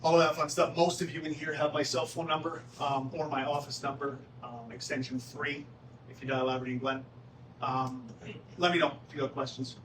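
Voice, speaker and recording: Golf club updates come from a man whose voice is on the high side, with a level tone and slightly quick pace. He jokes casually with a town hall audience in a meeting room, captured on a distant mic in an echoey space with faint background noise.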